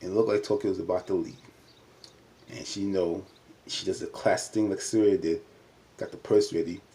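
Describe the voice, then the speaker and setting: A man giving a casual recap of a reality show episode, chatty and full of "you know" fillers, jumping up in pitch whenever he acts out what the cast said. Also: steady tone, brisk, warm tone.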